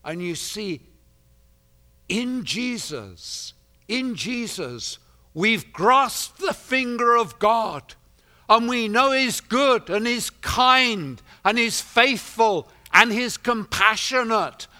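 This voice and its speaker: A man delivers a sermon in a high, bright voice, taking his time over every phrase. He drops to a hush, then climbs to loud, ringing declarations, repeating key lines for emphasis. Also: expressive, slow pace. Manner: swings from quiet to loud and emphatic. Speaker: preacher.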